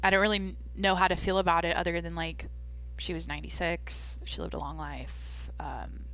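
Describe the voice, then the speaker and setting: A young woman hosting her own podcast, chatting casually in a rambling, jokey way with lots of fillers and a deadpan streak. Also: fairly low pitch, moderate pace. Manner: self-described deadpan. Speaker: podcast host. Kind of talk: casual solo podcast chat.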